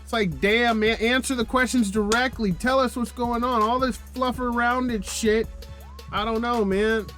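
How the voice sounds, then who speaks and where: A man's voice: extremely high pitch, fairly even intonation, unhurried, fairly bright tone, faint music behind. A man hosting a reaction video, talking in a casual, profane, exasperated way with plenty of slang.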